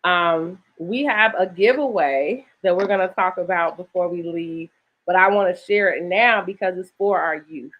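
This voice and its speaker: A woman's voice: lowish voice, normal speed. A woman co-hosting and organizing a literary festival, talking in an upbeat, chatty way, often checking in with "right?", with a slight lisp. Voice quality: slight lisp from dental aligners. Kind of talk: casual promotional chat. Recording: dull lo-fi audio.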